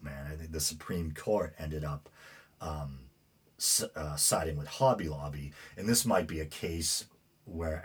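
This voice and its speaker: Extremely low in pitch with a breathy edge, this New England-accented host reads the news on his show in a casual commentary style, stuffing it with filler words and rambling off into indignant tangents.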